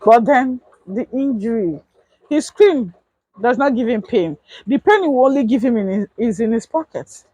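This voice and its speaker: Young Nigerian woman vlogger, husky voice, close and dry, lively storyteller. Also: a little high, moderate pace, dry recording, lo-fi sound. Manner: animated, acts out quotes in raised voice. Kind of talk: casual storytime.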